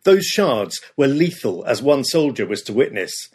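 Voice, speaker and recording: Husky male history narrator. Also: medium pitch, sing-song, unhurried, darkish tone. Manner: dramatic storytelling.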